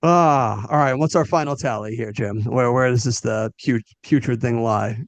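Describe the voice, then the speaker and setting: A man's voice: medium pitch, moderate pace, dry recording. A man in his thirties co-hosting a movie podcast, making wry, dry jokes in casual chat. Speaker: podcast co-host.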